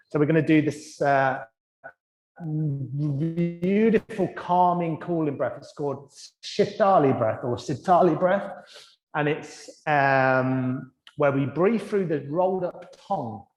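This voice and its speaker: Male yoga teacher, fairly high voice, gentle encouraging cues, recorded in an echoey studio. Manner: gentle, encouraging cues, softening and slowing during breathing. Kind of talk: guided yoga class instruction.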